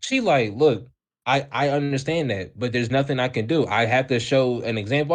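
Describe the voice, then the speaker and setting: A young man co-hosting a podcast, telling a story in a casual, animated way, acting out the people in it with lots of slang and swearing. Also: mid-range voice, a little fast. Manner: animated, acts out quoted voices, heavy profanity and slang. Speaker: podcast co-host.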